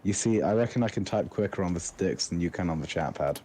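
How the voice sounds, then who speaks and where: A man's voice: low-pitched, lively intonation, fast talker, mellow. A man chatting playfully with friends while building in a game. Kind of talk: casual gaming chat.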